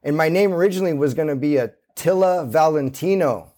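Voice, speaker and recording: A man's voice: a little high, a little fast, darkish tone. Easygoing rambling male skateboarder guest. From Santa Cruz, California. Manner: rambling storyteller, many fillers, easygoing. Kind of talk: casual interview.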